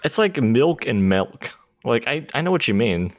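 A man co-hosting a casual podcast chat, opinionated and animated, swearing casually. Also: mid-range voice, moderate pace, dry recording, studio quality. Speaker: podcast co-host.

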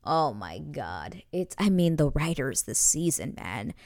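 A woman's voice: sits low, very animated, measured pace, gravelly, a little mellow, no room sound, studio quality. A woman casually recapping a TV episode in a chatty, gushing way, full of fillers. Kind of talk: casual chat.

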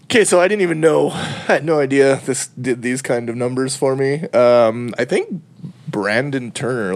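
A man co-hosting a podcast in casual chat, relaxed and restarting his sentences often. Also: mid-range voice, normal speed. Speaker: podcast engineer and co-host.

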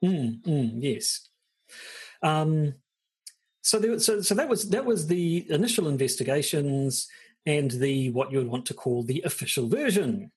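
A man chats his way through a podcast episode as co-host. His voice has a husky, breathy grain, and he talks in a loose, dry, joking manner. He hesitates a lot, filling pauses with ums. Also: on the high side, expressive, darkish tone. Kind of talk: casual podcast chat.

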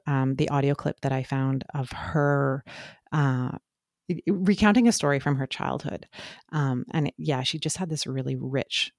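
A woman co-hosting a podcast, speaking thoughtfully and pausing often with fillers. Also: low-pitched, darkish tone, no echo, studio quality. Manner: thoughtful, hesitant with many fillers. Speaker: podcast co-host. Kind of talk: casual chat.

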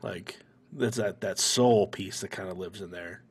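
A man's voice: low voice, unhurried, slight background noise. A man co-hosting a casual podcast, talking in a laid-back, earnest way into a fur-covered microphone from home. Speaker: podcast co-host. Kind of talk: casual chat.

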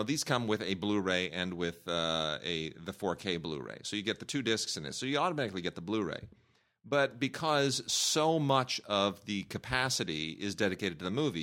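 A man's voice: lowish voice, pushed and bright. A man co-hosting a podcast, chatting casually and opinionatedly about films and home video releases. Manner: enthusiastic, opinionated, talks in long runs. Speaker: podcast co-host. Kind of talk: casual film review chat.

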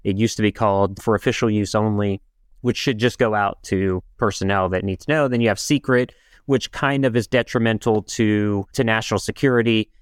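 A man's voice: on the low side, steady tone, a little fast, clean tone, no room sound, studio quality. A middle-aged man hosting a podcast, earnestly explaining at length and restarting his sentences. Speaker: podcast host. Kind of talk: casual interview talk.

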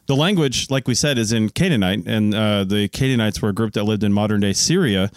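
Laid-back lower-voiced male podcast host. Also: brisk, clear, resonant tone, dry recording, clean studio sound. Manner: joking, laughs often, relaxed. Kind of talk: casual chat.

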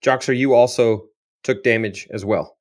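A man acting as game master for a tabletop game. His pitch sits in an ordinary middle range, and he narrates in a relaxed, rambling way with plenty of fillers. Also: normal speed. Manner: descriptive, loose narration with fillers.

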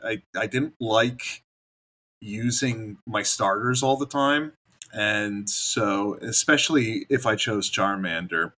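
A man's voice: on the low side, a bit bright. A man co-hosting a podcast in casual chat, rambling and laughing often. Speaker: podcast co-host.

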